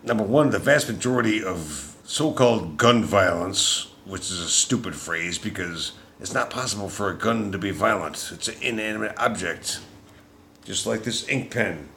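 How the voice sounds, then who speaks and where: A man delivering an angry, profane political rant as a vlogger, shouting at times. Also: lowish voice, expressive, moderate pace, gravelly, a little hiss or hum.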